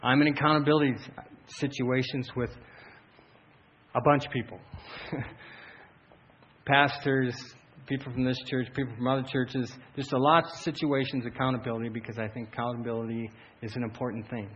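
A man preaching a sermon as pastor, telling stories animatedly with frequent laughs and loud shouted bursts. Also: mid-range voice, little pitch movement, moderate pace. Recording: dull lo-fi sound, faint room ambience.

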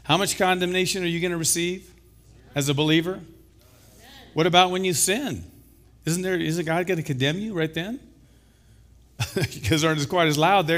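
Male pastor, sermon, slightly hoarse, emphatic, fairly high voice. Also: moderate pace, pauses often. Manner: emphatic, rising to loud exclamations. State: recovering from illness, slightly hoarse.

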